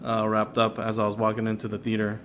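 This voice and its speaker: A man's voice: on the low side, monotone, fast talker, a bit bright, a little hiss or hum. A man in casual podcast chat, telling playful stories with frequent stammered restarts. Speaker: podcast co-host.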